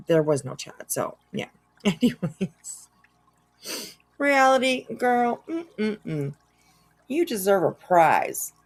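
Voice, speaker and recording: Woman host, casual livestream reaction talk, unhurried, lower voice, laughs easily. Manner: chatty, laughs often, reads chat aloud.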